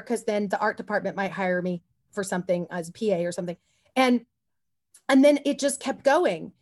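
A woman guest on an interview podcast, telling stories in an animated, rambling way with many asides and restarts. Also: on the high side. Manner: often says "you know what I mean". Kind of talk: casual interview storytelling.

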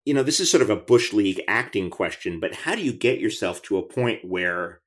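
A man's voice: fairly low pitch, animated, fairly quick. A man hosting an interview podcast, chatty and enthusiastic, with many restarts as he asks questions. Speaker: podcast host. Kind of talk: conversational interview.

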